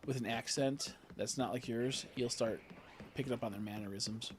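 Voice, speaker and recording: A male streamer in relaxed, rambling chat, his voice sitting in an ordinary middle range. A faint hiss and the click of keys sit under his talk at the desk mic. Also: mid-range voice, moderate pace. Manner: rambling, joking, heavy filler words. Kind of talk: casual live-stream chat.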